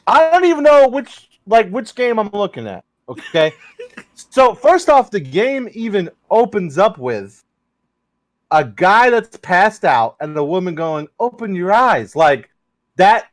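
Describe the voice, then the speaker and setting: A man co-hosting a casual gaming news show, excitable and cursing while he tells stories. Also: high-pitched, unhurried, no echo. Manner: lively, swearing, excitable storyteller. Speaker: podcast co-host.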